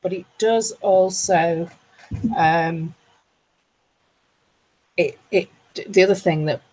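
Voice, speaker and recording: A woman's voice: on the low side, slow, warm tone, slightly rough. A woman in a casual book discussion, explaining her ideas at length and thinking aloud.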